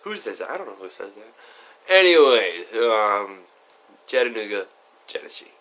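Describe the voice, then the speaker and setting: A man's voice: lowish voice, sing-song, normal speed, bright, forceful tone. A young man telling a story on his vlog in a chatty, rambling way, full of asides. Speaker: YouTuber.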